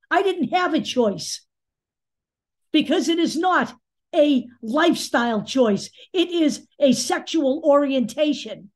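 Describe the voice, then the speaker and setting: A woman's voice: sits high, expressive, measured pace, a little mellow. A woman hosting a political commentary show, talking angrily, bluntly and sarcastically, with some swearing. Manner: angry, sarcastic, blunt and profane. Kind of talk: opinion commentary monologue.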